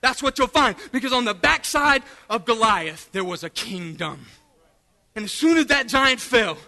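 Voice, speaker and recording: A man preaching a fiery sermon, calling out to the congregation and shouting at the peaks. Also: very high voice, animated, normal speed, vocal fry, long reverb tail.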